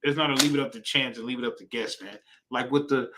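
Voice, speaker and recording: A man's voice: mid-range voice, quick pace, noisy background. A man teaching an informal Bible class in a casual, slangy way, often repeating himself and asking "right?" for agreement. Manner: repetitive, emphatic, slangy, asks "right?" often.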